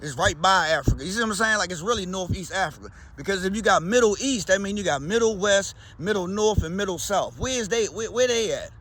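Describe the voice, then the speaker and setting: High, bright-voiced Baltimore man rambling. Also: animated, quick pace, few pauses. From Baltimore, USA. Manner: loose, slangy and talkative. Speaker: vlogger. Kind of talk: casual rambling chat.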